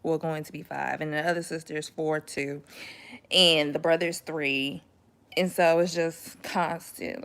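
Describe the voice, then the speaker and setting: A woman's voice: fairly low pitch, fairly bright tone. A young woman chatting casually as a mom, telling stories with slangy asides and frequent laughter. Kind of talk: casual chat.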